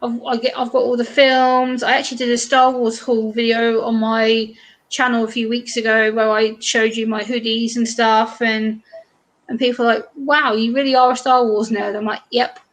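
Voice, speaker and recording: A woman's voice: fairly high pitch, little pitch movement, moderate pace. A woman with an eastern English accent, a guest YouTuber chatting casually on a live stream and laughing often. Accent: English, eastern England. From England.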